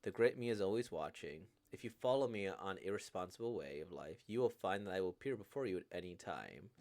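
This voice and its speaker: Man reading out a grand aging villain doctor, lecturing farewell, low voice, plain reading. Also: expressive, fairly quick, a little mellow. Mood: solemn. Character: aging male mad-doctor villain, proud and theatrical.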